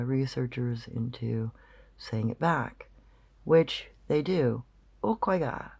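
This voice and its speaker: A man's voice: mid-range voice, vocal fry, darkish tone. A man explaining a recording in casual commentary, rambling and thinking aloud with many fillers. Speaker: channel host.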